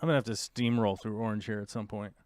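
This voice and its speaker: A man's voice: on the low side, flat delivery, brisk, darkish tone, dry recording. Dry-voiced man thinking aloud over a game. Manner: thinks aloud, wry and sarcastic; explains the game controls to viewers. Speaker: live-stream host. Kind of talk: casual play-by-play while playing a strategy game.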